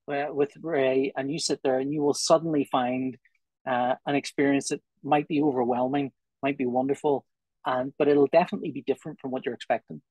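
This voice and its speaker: Man, comic artist guest, husky, voice sits a bit high, dry close sound. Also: no echo, rough recording. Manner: animated, acts out little dialogues. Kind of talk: casual podcast conversation.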